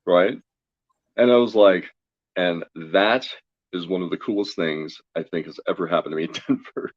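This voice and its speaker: A man telling a story as a guest in a casual chat, energetic and chatty, laughing often. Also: low-pitched, normal speed, no room sound, highs cut off. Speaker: guest, tarot reader.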